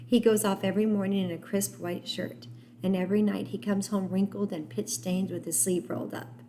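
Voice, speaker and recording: A woman's voice: medium pitch, steady tone, fairly quick, mellow, a little hiss or hum, lightly acted. A woman reading an audiobook voices an upset young boy, tearful and pleading. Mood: proud.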